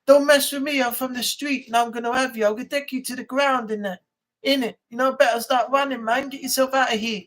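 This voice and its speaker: A man's voice: very high-pitched, fairly even intonation, quick pace, fairly bright tone. A man voicing a cocky young male London street tough who talks in threatening slang. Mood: menacing.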